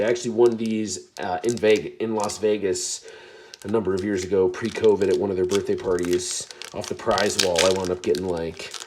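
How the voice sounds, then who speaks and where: A man casually chatting to his viewers while opening trading card packs, chatty and self-deprecating, with bursts of excitement. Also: low voice, a little hiss or hum. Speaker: card pack opening vlogger. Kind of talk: casual pack-opening commentary.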